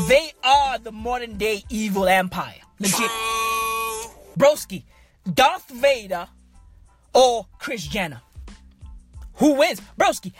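A woman hosting a podcast from inside a parked car, delivering a crude, repetitive comedic rant. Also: medium pitch. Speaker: podcast host.

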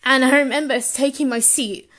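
A woman's voice: sits high, steady tone, moderate pace, fairly bright tone. Gushing young woman telling a story. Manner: gushing, emotional, laughs often while telling. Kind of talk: personal storytelling.

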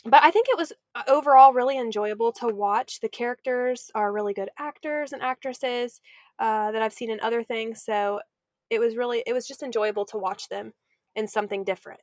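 A woman's voice: fairly high pitch, fairly quick, no echo. A woman co-hosting a casual movie chat, giggly and a bit hesitant. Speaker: podcast co-host.

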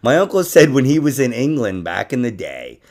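A podcast host with a mid-range voice speaks at normal speed in loose, casual chat. He swears freely, laughs often, and gets excitable and worked up about sports.

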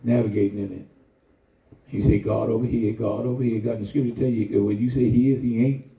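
An older man preaching a sermon in a colloquial, animated style with sudden high-pitched exclamations. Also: a little fast, creaky. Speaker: pastor. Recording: echoey, distant, dull sound.

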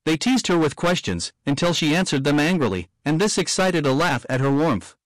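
Male audiobook narrator, slightly high voice, steady plain delivery of archaic text. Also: normal speed, dry recording, poor audio. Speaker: reader. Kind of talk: audiobook reading of old text.

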